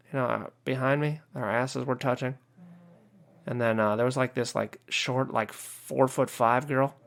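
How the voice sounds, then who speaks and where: An American podcast host with a mid-range, fairly bright voice goes on a casual rant, sounding exasperated and swearing a lot while leaning on "you know" fillers.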